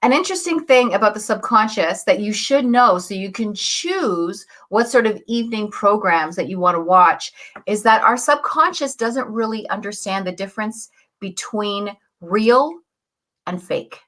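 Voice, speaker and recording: A woman hosting a live morning show, chatty and upbeat, greeting viewers and often asking "right?". She has a husky morning voice and keeps clearing her throat. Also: mid-range voice, animated, normal speed, a bit bright. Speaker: host, coach.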